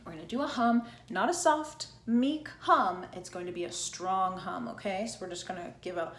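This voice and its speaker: Woman vocal coach, online singing lesson, keeps asking "okay?", roomy echo, mid-pitched voice. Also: moderate pace, a bit bright. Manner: explains plainly, checks in with frequent "okay?", sings demonstration notes.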